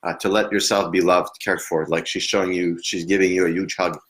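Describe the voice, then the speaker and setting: A man working as a psychic medium, giving a live reading in a hesitant, halting way with frequent laughs. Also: low-pitched, level tone, a bit bright.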